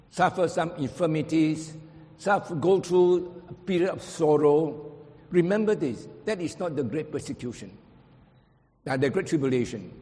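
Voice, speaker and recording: A man's voice: on the high side, darkish tone. A man preaching a sermon to a congregation, emphatic, quoting scripture in old-fashioned phrasing. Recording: long hall reverb.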